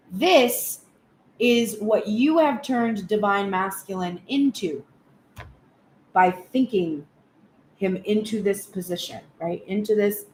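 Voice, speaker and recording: A woman giving a frank, animated tarot reading in a casual spoken style, swearing now and then. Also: mid-range voice, echoey room, slight background noise. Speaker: tarot reader.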